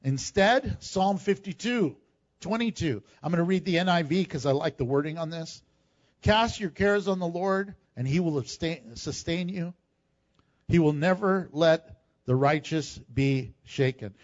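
A pastor preaches with a high, lively voice, moving between scripture readings and plain talk to his church. He is a man whose delivery stays animated throughout. The recording sounds dull and lo-fi. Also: measured pace. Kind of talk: sermon.

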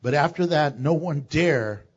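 An older man preaching a sermon as pastor, animated and joking, with sudden loud bursts. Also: a little high, a little slow, breathy edge, dull audio. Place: church.

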